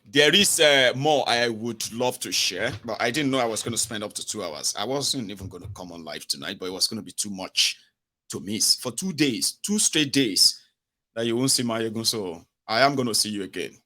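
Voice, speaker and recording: A man's voice: fairly low pitch, animated, moderate pace, sharp tone. A man with a Nigerian accent hosting a live-stream political commentary, talking in a mocking way and slipping into pidgin. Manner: mocking, acts out quoted voices, mixes in pidgin. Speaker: host.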